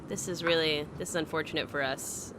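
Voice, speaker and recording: A woman's voice: sits low, steady tone, fairly quick, fairly bright tone, low-quality recording. A woman co-hosting a casual podcast chat, teasing and laughing often. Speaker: podcast co-host.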